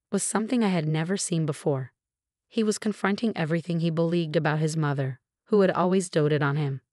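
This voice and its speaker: A woman reads a scripted first-person family drama at a steady, measured pace. Her voice sits on the lower side, and the recording is dry and close, with no room sound. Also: no room sound.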